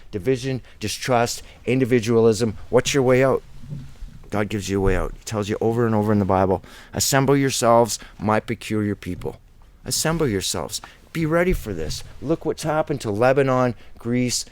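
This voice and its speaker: A male preacher works through a Bible chapter, reading the verses aloud and then launching into heated, rambling commentary. His voice sits at an ordinary middle pitch. The recording is close and dry, with no room sound. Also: a little mellow, clean tone, no room sound. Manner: impassioned, rambling, reads scripture aloud.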